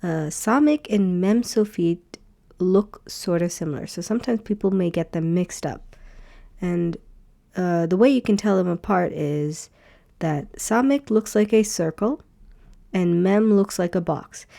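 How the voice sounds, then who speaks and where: A woman with a mellow, slightly low voice talks through a beginner lesson. She is patient and repeats each sound slowly so learners can follow. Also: creaky. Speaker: Hebrew teacher.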